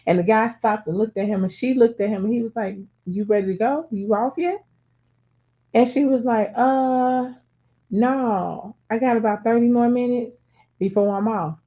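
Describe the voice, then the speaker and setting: A middle-aged woman in casual chat, telling a family story with lively acted-out voices. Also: a little high, normal speed. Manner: animated storyteller acting out voices. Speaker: talk show co-host. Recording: dull lo-fi sound.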